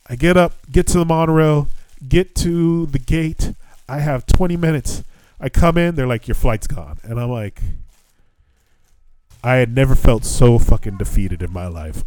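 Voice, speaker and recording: A man's voice: mid-range voice, normal speed, dry recording. A man hosting a podcast, telling a story in casual chat, swearing often and acting out the voices in it. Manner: profane, animated, acts out dialogue. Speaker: podcast host.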